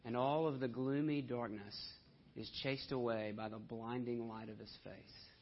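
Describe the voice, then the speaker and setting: A man preaching a sermon, swinging between hushed and loud delivery. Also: mid-range voice, steady tone, normal speed, a little hiss or hum. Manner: dramatic shifts between soft and loud delivery. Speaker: pastor. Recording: dull lo-fi sound.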